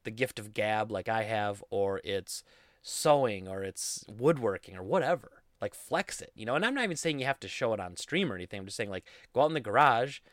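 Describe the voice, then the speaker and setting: A man's voice: fairly low pitch, lively intonation, brisk, fairly bright tone, dry recording. A young man hosting a casual solo podcast, rambling in a goofy, self-deprecating way into a studio mic. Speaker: podcast host.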